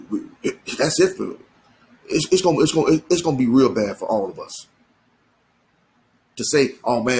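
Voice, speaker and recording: A man's voice: mid-range voice, breathy edge, low-quality recording. A man giving an emphatic, slangy commentary monologue, full of repeats and restarts. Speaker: commentary channel host.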